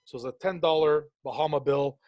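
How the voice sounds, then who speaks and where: A man from Canada telling stories on a podcast in a casual, profane, animated way, acting out the people he quotes. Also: fairly high pitch, a little fast, dry recording. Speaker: podcast co-host. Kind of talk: casual storytelling chat.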